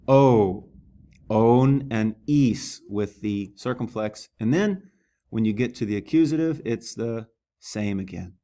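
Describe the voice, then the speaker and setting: A man's voice: mid-range voice, darkish tone. A man teaching a language lesson, patient and methodical, sounding out words syllable by syllable. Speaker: Greek teacher. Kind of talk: slow classroom lesson.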